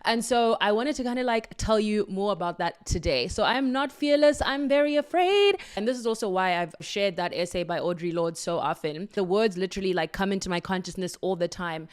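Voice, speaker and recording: A woman's voice: mid-range voice, fairly quick, few pauses, smooth. A woman hosting her own podcast, talking solo in an effusive, affirming and playful way. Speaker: podcast host.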